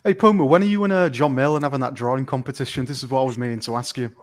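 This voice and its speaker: A man's voice: medium pitch, fairly even intonation, very fast. A man in his thirties co-hosting a casual chat, with a dry, sarcastic delivery.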